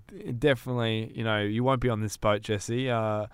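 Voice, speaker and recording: A man's voice: on the low side, fairly even intonation, normal speed, smooth, no room sound, studio quality. A young Australian man from Perth co-hosting a podcast, laid-back and rambling with lots of fillers. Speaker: podcast co-host. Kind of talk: casual chat.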